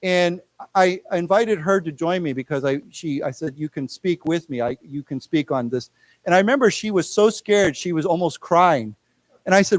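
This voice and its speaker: In a lecture room, a talkative American English teacher with a slightly higher-than-average male voice and lively intonation runs a live lesson. He speaks loosely and restarts often, stretching words out slowly for the class to echo, in dry, close sound with little room echo.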